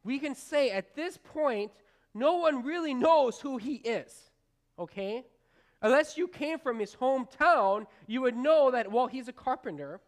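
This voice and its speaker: A woman's voice: sits high, expressive, unhurried. A woman pastor giving an informal, rambling sermon, talking straight to the congregation with fillers and restarts. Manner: folksy, talks straight to the congregation. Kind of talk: conversational sermon.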